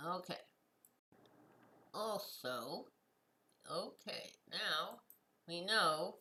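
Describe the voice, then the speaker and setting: A woman hosting her own show, reading news headlines and adding short comments, slow and halting with many fillers and restarts. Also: deep voice, pushed and bright, rough recording. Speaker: host.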